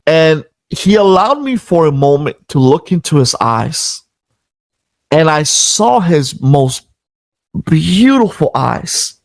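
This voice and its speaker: Male witness, high-ish voice, slow and sincere. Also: sing-song, vocal fry, dry recording. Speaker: near-death experience witness. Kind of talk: earnest testimony.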